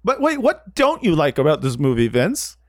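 A speaker chatting casually about a film, animated, making crude jokes and swearing. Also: medium pitch, moderate pace, dry recording, studio quality.

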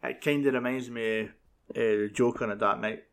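A young Scottish man in casual film chat, laid-back and quick to agree, with many fillers. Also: mid-range voice, steady tone, clear, resonant tone. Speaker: podcast co-host.

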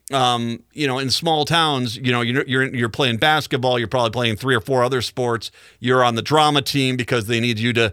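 Radio host, male, bright forward tone, dry close mic, loose rambling storyteller. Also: mid-range voice, no echo. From Midwest United States. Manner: rambling storyteller with frequent restarts and chuckles. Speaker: radio talk show host. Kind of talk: casual monologue.

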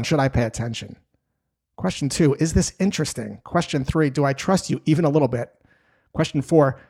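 A man giving a sales lesson in an energetic, emphatic way, telling stories and breaking down steps. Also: medium pitch. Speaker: sales trainer. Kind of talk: instructional talk to camera.

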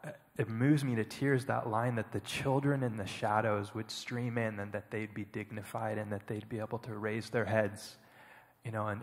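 A man giving an earnest, reflective personal testimony as a panel speaker at church, often pausing and halting. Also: on the low side, long reverb tail. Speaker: panel speaker, foster parent.

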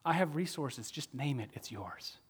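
A man's voice: fairly high pitch, expressive, normal speed, breathy edge. Man preaching a sermon, varied delivery. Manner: questions the audience, shifts from soft asides to raised emphasis. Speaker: pastor.

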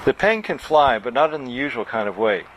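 A man's voice: medium pitch, very animated, brisk, slight background noise, low-quality recording. Man reading his novel aloud. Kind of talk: live reading at a bookstore. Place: bookstore reading.

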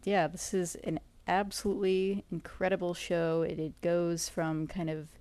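A woman's voice: fairly low pitch, level tone, a little slow, a little mellow, no echo. A woman in a casual podcast discussion, thoughtful and articulate, speaking in long flowing sentences.

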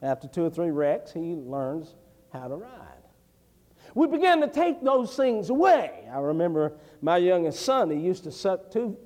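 A middle-aged man preaching a sermon as an evangelist, telling homely stories and building to fervent declamation. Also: high-pitched. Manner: folksy storytelling, rising to fervent declamation. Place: church sanctuary. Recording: long church hall reverb.

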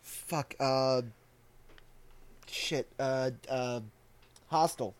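A man's voice: mid-range voice, steady tone, drawn-out words. A man co-hosting a casual movie podcast, hesitant and searching for words, with mild swearing. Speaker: podcast co-host.

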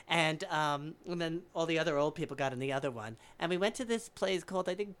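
A man guesting on a chat podcast, telling a story in a cheeky, animated way. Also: a little high, brisk, clean tone. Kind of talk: casual chat, telling an anecdote.

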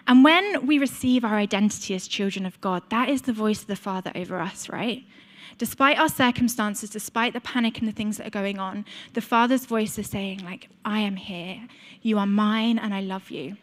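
A woman's voice: medium pitch, moderate pace. A young woman preaching a sermon, telling a personal story in a chatty way, with frequent fillers and asides to the congregation.

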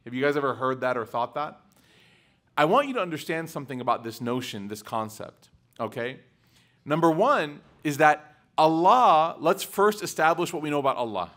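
A man giving a religious lecture to a live audience. He tells animated personal anecdotes in a casual style, full of "like" and "right?", and often quizzes his listeners. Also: mid-range voice. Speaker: religious speaker.

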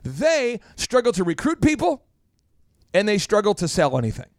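A man hosting a business talk radio show as a coach, speaking in an animated way and repeating phrases for emphasis. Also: high voice, moderate pace, no room sound, studio quality.

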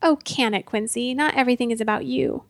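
A woman's voice: a little high, fast, dry recording, natural voice. A woman doing a sarcastic young fairy picketer. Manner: sarcastic, scornful.

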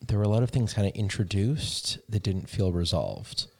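A man's voice: lowish voice, lively intonation, moderate pace, vocal fry, slightly rough. A man co-hosting a casual movie podcast, an educator talking things through in a thoughtful, reflective way. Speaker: podcast co-host.

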